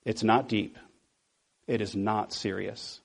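A male pastor preaching a sermon, asking the congregation rhetorical questions and slowing down to stress key words. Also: on the low side, steady tone, creaky.

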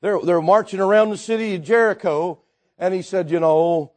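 A man preaching a Baptist sermon, building fervently to shouts and dropping low again, with chuckles between points. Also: normal speed. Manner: fervent, rises to shouting then drops low.

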